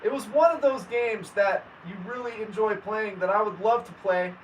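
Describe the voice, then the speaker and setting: A man's voice: high voice, moderate pace. A man, chatting casually with viewers on a livestream and greeting them by name. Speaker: livestream host. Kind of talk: casual livestream chat reading comments. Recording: distant mic with faint background noise.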